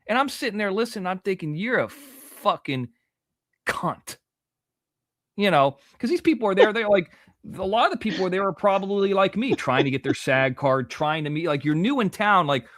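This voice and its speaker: Man in his 40s from Florida, a guest spinning a long yarn with a raised pitch and lively swings, swearing freely in a dry, close recording. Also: dry recording. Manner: animated, profane, lots of restarts and asides. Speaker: guest storyteller. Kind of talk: casual podcast storytelling.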